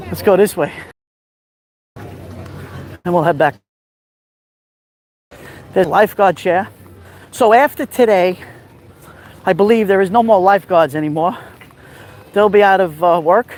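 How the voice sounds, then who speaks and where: A man with a rough voice and a Brooklyn accent, chatting casually on a live stream as he walks outdoors along a beach. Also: high-pitched, a little slow, pauses often, a little hiss or hum. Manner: chatty, gives shout-outs while walking.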